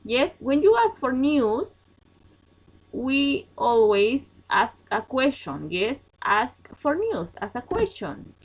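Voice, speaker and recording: A woman, a Spanish speaker, leads an online English lesson at a deliberately slow pace. Her voice sits fairly high, and she keeps checking in with "okay?" and "yes?" as she walks through each point. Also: big pitch swings, low-quality recording. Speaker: English teacher. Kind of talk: online class lecture.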